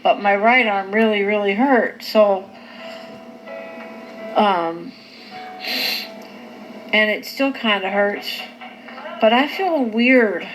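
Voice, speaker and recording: A woman's voice: medium pitch, soft background music. A medicated woman in a loopy, drowsy state, filming herself casually in her living room at night. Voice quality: slow, drawn-out, slightly slurred talk. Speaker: vlogger. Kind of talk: casual home video. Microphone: handheld camera. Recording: noisy home camcorder.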